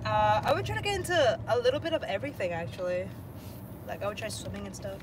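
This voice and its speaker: A young woman vlogger chatting casually in a moving car, swearing a lot and laughing loudly. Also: medium pitch, quick pace. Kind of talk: casual chat. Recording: noisy car interior. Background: car noise.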